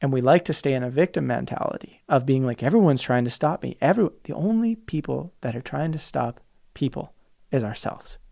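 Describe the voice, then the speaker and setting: Alone at the mic, this podcast host has a mellow, creaky mid-range voice that is expressive and a little fast. His monologue is passionate and emphatic, and now and then he mocks opposing opinions by imitating them in silly voices.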